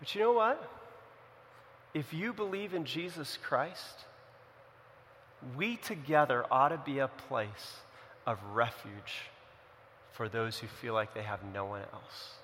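A male pastor preaching a sermon, telling a story with acted-out voices and swinging from loud to hushed. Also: mid-range voice, long reverb tail, slight background noise. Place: church.

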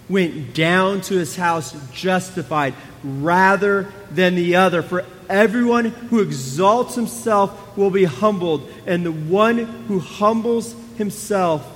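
A male pastor preaching a sermon in a conversational way, moving between hushed and emphatic. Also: high-pitched, lively intonation, slow pace, big-room sound.

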